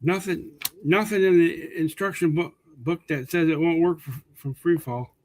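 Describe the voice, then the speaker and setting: A man's voice: fairly high pitch, normal speed, no echo. A man reading comic book dialogue aloud as co-host of a casual read-along, often stumbling and repeating words.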